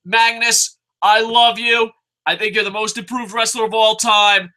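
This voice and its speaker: A man hosting a wrestling review show, ranting casually with lots of swearing and occasional shouting. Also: high voice, a little slow, rough recording. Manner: excitable, profane, shouts at times.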